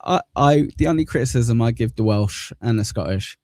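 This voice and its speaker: Chatting casually through viewer comments on his livestream, a man from southern England with a near-Cockney accent rambles in a relaxed way and swears as he goes. His medium-pitched voice is expressive and a little mellow, delivered at a moderate pace with no echo.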